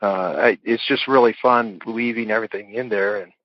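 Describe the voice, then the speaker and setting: A man's voice: fairly low pitch, steady tone, normal speed. A middle-aged man, an author guest in a casual interview, rambling through stories with fillers and chuckles. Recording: dull dry lo-fi audio.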